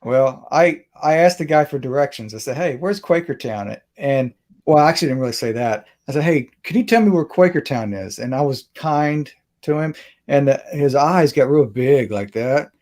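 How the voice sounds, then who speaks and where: A man's voice: mid-range voice, normal speed, darkish tone. A man tells a long, wandering story on a video call. He keeps restarting his sentences and chuckles at his own jokes, speaking in an ordinary middle register. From Mississippi. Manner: rambling, self-interrupting, laughs at his own story. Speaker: host. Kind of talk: casual storytelling chat. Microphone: webcam or phone on video call.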